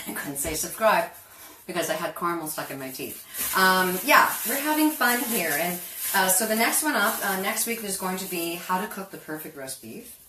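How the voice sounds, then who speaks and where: A woman hosts a live cooking stream in her kitchen, talking in a rambling, chatty way with frequent laughter. Her voice sits on the low side. She is picked up by a distant mic in an echoey kitchen with clear background noise. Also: expressive, moderate pace. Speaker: cooking show host. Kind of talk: casual live-stream chat. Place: home kitchen. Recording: roomy kitchen, mic far off, noisy.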